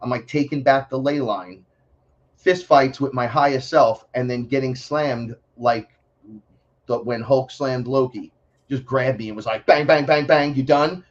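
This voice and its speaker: A male interview guest tells his stories with excitable energy and a lot of swearing, acting out the other voices. His voice sits in an ordinary middle range. The recording sounds dull and lo-fi. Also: mid-range voice. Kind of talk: animated storytelling. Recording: dull lo-fi audio.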